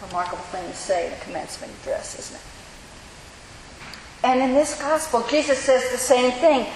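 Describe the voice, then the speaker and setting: A woman pastor delivering a sermon, measured and reflective, pausing slowly for emphasis. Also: on the high side, animated, a little mellow. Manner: measured, reflective preaching with slow emphatic pauses. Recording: echoey hall with faint hiss.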